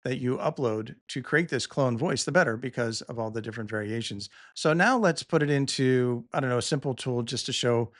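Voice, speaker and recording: A middle-aged man talks through a tutorial in an easygoing voice, thinking aloud and correcting himself now and then. He sits close to the mic in a dry room. His voice has an ordinary middle pitch. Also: brisk, hardly any pauses, dry recording. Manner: relaxed, thinking aloud with small restarts. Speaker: podcast host demonstrating tools. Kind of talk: casual tutorial narration.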